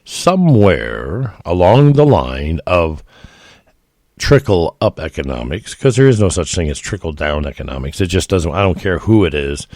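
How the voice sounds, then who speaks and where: Deep-voiced folksy man ranting solo. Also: very animated, normal speed, a little mellow, dry recording, clean studio sound. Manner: folksy, emphatic, addresses listeners as folks. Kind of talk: opinionated solo monologue.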